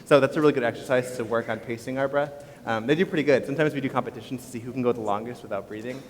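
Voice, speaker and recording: A man, a choir teacher, leading vocal warm-ups at a school concert in an upbeat, encouraging, instructive way. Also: medium pitch, rapid-fire, a little hiss or hum. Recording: long hall reverb with audience.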